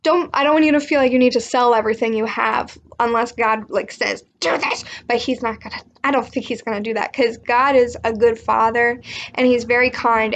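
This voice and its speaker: A woman's voice: on the high side, a little hiss or hum. A young woman giving a casual Bible lesson to children, friendly and chatty, with fillers and restarts. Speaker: children's church teacher.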